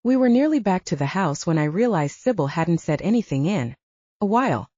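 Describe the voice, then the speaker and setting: Woman, audiobook narrator, lively storytelling, warm lowish voice, dry dull close-mic sound. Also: brisk, no room sound. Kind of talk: scripted first-person audiobook narration. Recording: slightly dull, dry recording.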